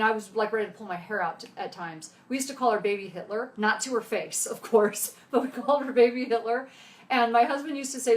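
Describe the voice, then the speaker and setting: A middle-aged woman speaking in a casual motivational talk. She tells stories in a chatty, filler-heavy way, at a medium pitch for a woman. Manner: chatty storytelling with many fillers. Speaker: health speaker.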